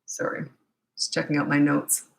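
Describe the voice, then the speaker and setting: A woman's voice: low-pitched, completely flat delivery, moderate pace, vocal fry, roomy sound. A middle-aged woman coaching parents in a rambling, chatty live Q&A with many asides. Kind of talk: casual live Q&A.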